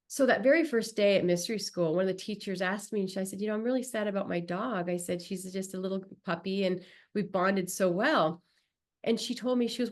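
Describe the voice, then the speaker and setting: A woman from Southern California, a podcast guest telling a personal story in a casual, animated way, acting out the people she quotes. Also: mid-range voice, fairly quick. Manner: animated, acts out quoted voices.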